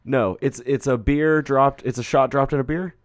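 A man's voice: medium pitch, moderate pace, no echo, studio quality. A young man in casual podcast chat, joking and swearing a lot and often slipping into goofy voices.

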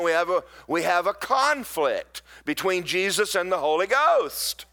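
A man's voice: high voice, sing-song, measured pace, bright, forceful tone. A middle-aged man, a pastor preaching a sermon in folksy storytelling with emphatic bursts.

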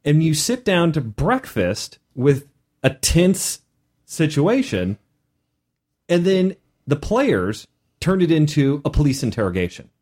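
A man co-hosting a podcast, talking casually as a game master and retelling a session in an animated way. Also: a little high, takes it slowly. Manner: animated storytelling.

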